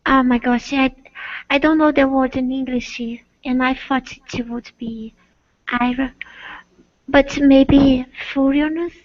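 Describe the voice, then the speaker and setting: Hesitant high-voiced woman student, slow. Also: fairly even intonation, muffled recording. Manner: hesitant, searches for words. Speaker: language student.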